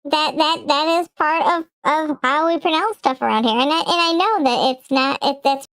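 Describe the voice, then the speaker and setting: A woman's voice: sits high, normal speed, fairly bright tone, dry recording. A woman with a Michigan accent hosting a casual live game stream, rambling and answering chat as she plays. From Michigan, USA.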